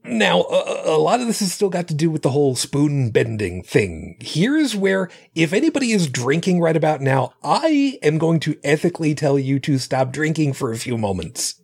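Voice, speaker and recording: A man's voice: fairly high pitch, sing-song, normal speed, gravelly, few pauses, a little mellow, husky. A man co-hosting a podcast, reading aloud and chatting late at night, tired and slightly slurring his words. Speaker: podcast co-host. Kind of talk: casual chat, reading aloud.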